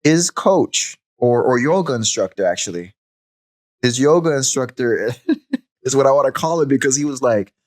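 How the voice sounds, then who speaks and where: A man co-hosting a podcast, chatting casually about a fight, animated and quick to laugh, often repeating words. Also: medium pitch. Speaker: podcast co-host. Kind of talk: casual fight recap chat.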